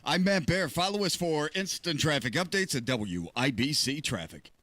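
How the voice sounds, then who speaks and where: A man reading a radio traffic report and a sponsor ad in a brisk, matter-of-fact way. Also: on the high side, lively intonation. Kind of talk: scripted traffic report and live read ad.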